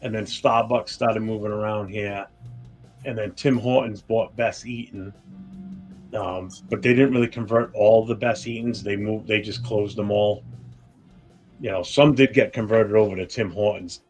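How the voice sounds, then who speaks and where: A man's voice: fairly low pitch, fairly even intonation, normal speed, darkish tone, soft background music. A man with a New York accent hosting a casual live-stream talk show, swearing freely and greeting viewers in the chat. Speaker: podcast host.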